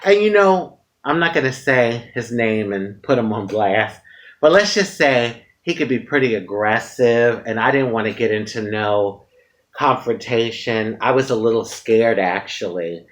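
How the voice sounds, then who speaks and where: Animated woman telling a frank story. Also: a bass voice, a little slow. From United States. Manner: frank, animated, dramatic retelling with frequent laughter. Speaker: vlogger. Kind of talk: casual storytelling to camera.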